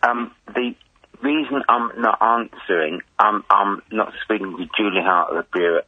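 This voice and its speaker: A man calling into a radio phone-in, speaking in a slow, measured and insistent way with halting pauses. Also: lowish voice, steady tone, no room sound. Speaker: caller. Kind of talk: phone-in call. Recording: muffled dry phone line.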